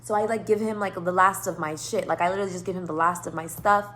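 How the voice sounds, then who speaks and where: A woman's voice: lowish voice, steady tone, fast talker, fairly bright tone, slight background noise. A woman hosting her tarot channel, telling a rambling storytime monologue with lots of swearing, laughter and asides.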